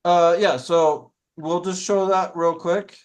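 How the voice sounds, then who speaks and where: A man leading a casual scripture study discussion, explaining in a halting, self-correcting way. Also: high voice, fairly even intonation.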